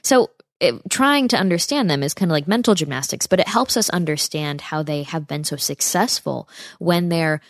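A woman's voice: low-pitched, lively intonation, normal speed, dry recording, studio quality. A woman hosting a political commentary podcast, speaking emphatically and throwing out sarcastic rhetorical questions. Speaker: podcast host.

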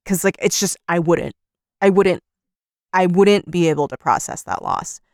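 A young woman co-hosting a casual book podcast, lively, acting out characters in quick put-on voices and laughing often. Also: lowish voice, no room sound, clean studio sound. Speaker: podcast co-host. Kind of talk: casual book-club chat.

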